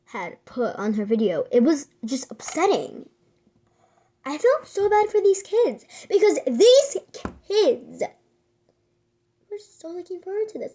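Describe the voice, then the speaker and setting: A woman's voice: high-pitched, darkish tone. A woman vlogger retelling a sad event in casual chat, rambling with many fillers and restarts and sometimes dropping to a whisper. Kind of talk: casual storytelling.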